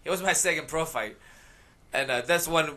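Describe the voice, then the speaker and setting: A man telling stories in a loose, rambling way, full of fillers and easy laughter. His voice sits high and rings bright. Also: normal speed. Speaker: podcast guest, MMA fighter. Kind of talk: casual chat.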